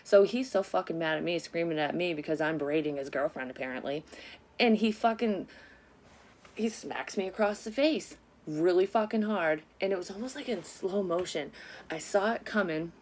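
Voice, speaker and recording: A woman casually telling a personal story to camera, candid and animated, with frequent swearing. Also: fairly low pitch, moderate pace.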